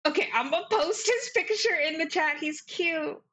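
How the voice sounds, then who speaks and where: A woman running a tabletop game, chatting casually between scenes in a slangy, animated way and laughing often. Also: extremely high pitch, normal speed, faint music behind, low-quality recording. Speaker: game master. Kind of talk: casual out-of-character chat.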